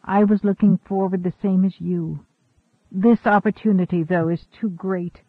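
A man reads an ageless, secretive woman scientist who speaks in a calm, measured, quietly firm way. The voice sits high, with a tinny, phone-like narrow band. There is no room sound at all. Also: no room sound. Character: centuries-old secretive woman scientist, composed and cool.

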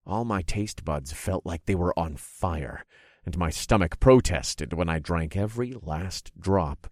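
Deep voiced guy reading a fantasy story in first person, dry close sound, expressive. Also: unhurried, dry recording. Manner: expressive, groaning and cursing in character. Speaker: narrator. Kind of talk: first-person audiobook narration.

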